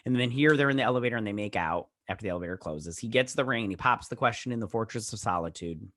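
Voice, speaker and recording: A man's voice: fairly low pitch, fast, fairly bright tone. A man hosting a show, giving a chatty, opinionated recap of a TV episode with many fillers and asides. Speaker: show host and TV reviewer.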